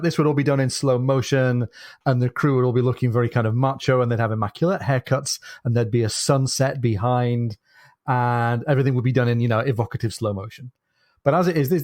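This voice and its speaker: A man's voice: mid-range voice, a little mellow, dry recording, studio quality. A man co-hosting a book podcast, explaining details with enthusiastic digressions. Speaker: podcast co-host. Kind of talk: casual book discussion.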